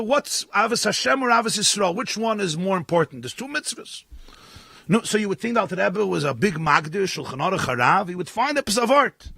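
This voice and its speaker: A man, a rabbi, giving a lively sermon at a live gathering, telling stories and acting out the voices in them. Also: high-pitched, vocal fry, slightly rough, dry recording. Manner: animated storytelling, acting out voices, rising to shouts. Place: live event with an audience.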